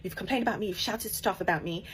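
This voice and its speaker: A woman telling a personal story in a casual, animated way, emphatic and laughing as she goes. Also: mid-range voice, fast talker, slight background noise. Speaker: author and podcaster.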